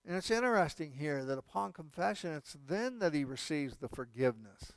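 A man's voice: a little high, very animated, brisk, no room sound. A male pastor giving a sermon, emphatic, with repeated phrases and casual asides. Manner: emphatic preaching with repetition and asides.

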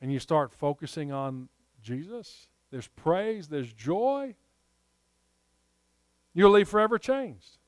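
A man preaching a sermon in a fairly high, smooth voice. He tells stories earnestly and slows down to let key points land. The sound is close and dry, with no room echo. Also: very animated. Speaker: pastor.

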